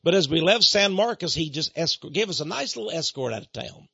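Middle-aged man, emphatic storytelling lecture, gravelly, husky, dull dry recording. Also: a little high, no room sound. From Austin, Texas. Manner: animated, emphatic, with dramatic pauses. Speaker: speaker on Freemasonry.

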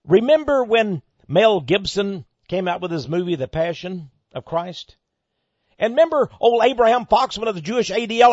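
A man giving an emphatic monologue, reading an article aloud and commenting on it, with sudden loud stresses. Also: high voice, very animated, normal speed, slightly rough, dry recording, dull audio.

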